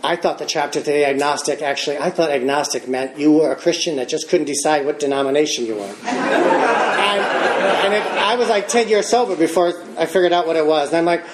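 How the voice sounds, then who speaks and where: A man's voice: on the high side, brisk, crowd noise. A man in his fifties with an American accent gives a personal testimony at a recovery meeting. He tells his story with chuckles and self-deprecating humor. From Michigan, United States. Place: large meeting room. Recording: echoey room with background noise.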